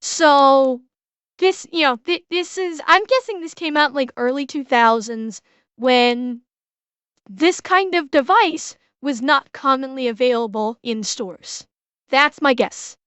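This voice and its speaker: A Canadian woman streaming herself reacting to a video, chatty and quick to laugh, with lots of restarts and casual swearing. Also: high-pitched, a bit bright, no room sound. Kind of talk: casual live-stream chat.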